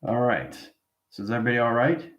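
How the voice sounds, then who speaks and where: A man's voice: mid-range voice, lively intonation, quick pace, dull audio, background noise. A man teaching an informal spiritual class, rambling and tagging his statements with "right?" as he goes. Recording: roomy echoey room.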